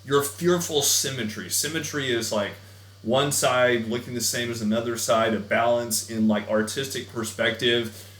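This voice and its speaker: A man's voice: medium pitch, steady tone, normal speed, fairly bright tone, reverberant. A man teaching a recorded lesson in a chatty, enthusiastic way with many fillers. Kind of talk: recorded class lecture.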